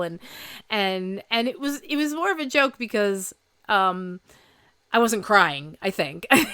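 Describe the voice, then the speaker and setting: A woman's voice: medium pitch, very animated, moderate pace, bright, forceful tone, smooth, dry recording. Rambling, self-mocking woman in her forties. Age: 40s. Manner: rambling, self-deprecating, laughs often. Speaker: podcast host. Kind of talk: casual chat.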